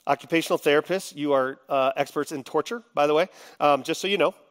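High-voiced impassioned preacher man. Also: fast. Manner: heartfelt, swings from quiet confiding to loud impassioned venting. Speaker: pastor. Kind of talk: sermon.

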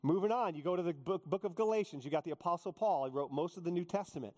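A male pastor preaching a sermon, joking with the congregation and acting out quotes in animated storytelling. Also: high voice, fast. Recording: long hall reverb.

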